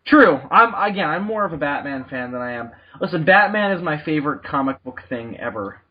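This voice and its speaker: A man co-hosting a comedy podcast, talking in a husky, breathy voice with a lively pitch that jumps around. He laughs often and slips into silly bits. The recording is dull and lo-fi. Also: fairly quick. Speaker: podcast co-host. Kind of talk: casual comedic chat.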